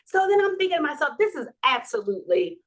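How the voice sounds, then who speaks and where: Woman in her forties, guest storyteller, animated, laughs often, acts out dialogue. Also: high voice, fast. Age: 40s. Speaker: podcast guest. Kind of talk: personal storytelling in an interview.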